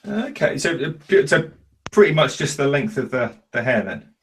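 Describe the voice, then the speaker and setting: A man's voice: mid-range voice, sing-song, moderate pace, a bit bright. A man hosting a podcast, chatting casually with many restarts and acted-out quotes. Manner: hesitant, restarts, acts out quoted customers. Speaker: podcast host.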